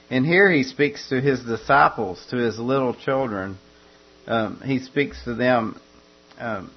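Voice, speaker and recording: Man preaching a measured verse-by-verse sermon. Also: medium pitch. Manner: measured, repeats phrases, frequent restarts. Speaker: pastor. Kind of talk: expository sermon. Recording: dull lo-fi recording with mains hum.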